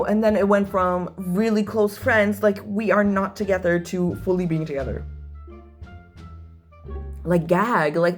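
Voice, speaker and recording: A young woman chatting casually while doing her makeup, animated and gossipy, with lots of "like" and sudden loud bursts. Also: medium pitch. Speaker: video creator.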